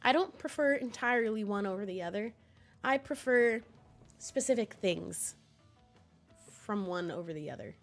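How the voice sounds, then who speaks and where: Sick with a cold, a young woman coughs, sniffles and sounds hoarse as she casually rambles and laughs with viewers on a home stream. She speaks at normal speed with an expressive mid-range voice, pausing often over soft background music.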